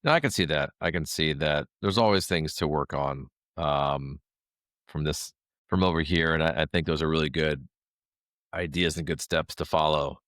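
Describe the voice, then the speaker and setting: A man's voice: a bass voice, normal speed, fairly bright tone, dry recording, studio quality. A man talking reflectively as a podcast guest, in a casual conversation.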